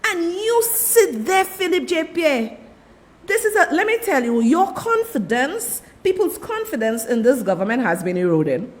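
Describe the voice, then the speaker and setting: A woman's voice: high-pitched, very animated, measured pace. Fiery Saint Lucian woman host. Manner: impassioned, repeats "let me tell you", addresses the audience as "people". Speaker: political talk show host. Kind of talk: fiery political commentary.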